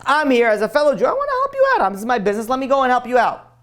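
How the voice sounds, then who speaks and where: Calm, kindly older shopkeeper, told by a male teacher, gentle and reassuring. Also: very high-pitched, rapid-fire, pitched above the performer's own voice, exaggerated voice.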